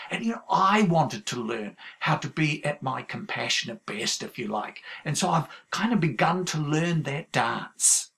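A man's voice: on the high side, very animated, measured pace, vocal fry, few pauses, fairly bright tone. A man preaching a sermon, telling a story in a loose, conversational way with plenty of fillers.

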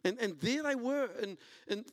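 A man preaching a sermon, telling a personal story and building to an animated delivery. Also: normal speed, no echo. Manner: storytelling, rising in pitch and intensity when preaching. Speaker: pastor.

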